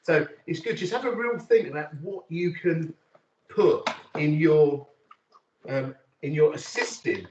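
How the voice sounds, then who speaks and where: Give me a chatty photography lecturer, recorded from across an echoey studio. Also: male voice, a little high, a little slow, a little mellow. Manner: chatty and rambling, many fillers. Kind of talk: casual studio demonstration to students. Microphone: phone camera from across the room. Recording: roomy, distant, dull audio with faint noise.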